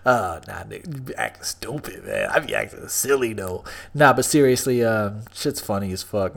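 A man's voice: lowish voice, very animated, normal speed, creaky, fairly bright tone. Man, twenties, from Texas, podcast host, solo monologue, profane, storytelling. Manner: profane, storytelling, laid-back then hyped outro.

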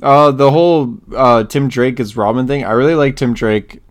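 Excited young man recapping a comic issue. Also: normal speed. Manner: excited retelling, acts out character lines in a higher voice. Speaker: podcast co-host. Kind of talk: casual comic book chat.

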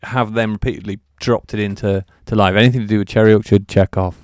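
A man co-hosting a comedy podcast, firing off crude quick-fire jokes in improvised banter. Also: lowish voice, steady tone, darkish tone, smooth, no echo, clean studio sound.

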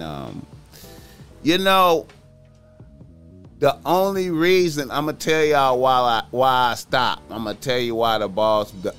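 Man, solo podcast, slow drawl, profane, boastful, faint music behind. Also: fairly low pitch, a bit bright. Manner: slow, profane, boastful, calls himself by nickname in third person. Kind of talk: casual solo podcast monologue.

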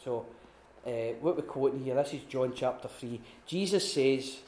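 A man giving an informal teaching talk at a retreat, telling stories with lively restarts and acted-out quotes. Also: medium pitch, moderate pace. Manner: animated storytelling with many restarts and acted-out quotes. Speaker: retreat speaker. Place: room at a retreat. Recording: echoey room.

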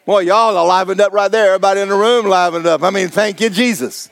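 A man's voice: high-pitched, quick pace, vocal fry, dry recording. A man preaching a sermon, folksy and fiery, repeating phrases for emphasis. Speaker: pastor.

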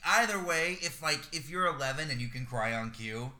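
Sardonic, lively-voiced podcast guy. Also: a little high, moderate pace. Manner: profane, sardonic reactions. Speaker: podcast co-host. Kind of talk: casual comedic chat.

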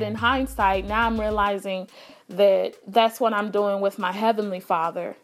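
A woman's voice: mid-range voice, steady tone, moderate pace, faint music behind. A young adult woman hosting a casual faith talk, earnest and acting out her pleading prayers. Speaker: faith podcast host.

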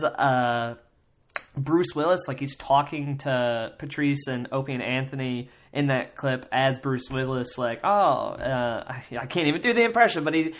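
Solo podcast host, casual and rambling, mid-pitched voice, full of fillers and restarts, breaks into mock voices to quote people. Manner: breaks into loud mocking voices when quoting others. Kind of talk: solo comedy podcast commentary.

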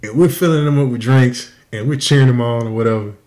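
A man hosting a podcast, telling a crude story in a profane, animated way and laughing often. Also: medium pitch, fast talker. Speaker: podcast host. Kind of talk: casual storytelling.

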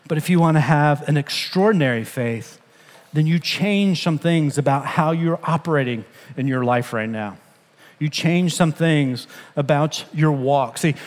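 A man's voice: on the high side, long reverb tail. A man preaching a sermon as pastor, emphatic and conversational, retelling scripture dialogue in his own words. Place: church sanctuary.

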